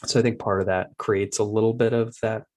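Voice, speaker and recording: A man's voice: on the low side, fairly quick. A man in his thirties hosting a casual podcast, telling parenting stories and acting out his toddler's voice. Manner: animated storyteller, acts out his toddler's voice. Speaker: podcast host.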